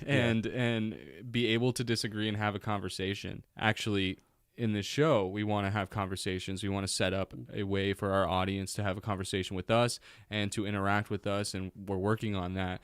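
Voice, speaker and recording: Smooth-voiced man holding forth on a podcast. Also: on the low side, level tone, a little fast, few pauses, dry recording, studio quality. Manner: opinionated, laughs often. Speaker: podcast co-host. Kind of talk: casual chat.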